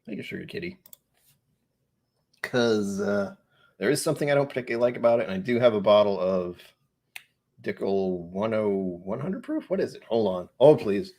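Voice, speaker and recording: This New England-accented man running a whiskey live stream has a lowish, darkish voice that's animated, at a normal speed with frequent pauses. He chats away, loses focus easily, and cracks jokes about himself.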